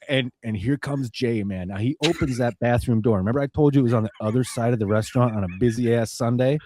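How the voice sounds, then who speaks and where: A man's voice: medium pitch, brisk, a little mellow. A man hosting a podcast, telling a long funny story in a casual way, laughing often and swearing freely. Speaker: podcast host.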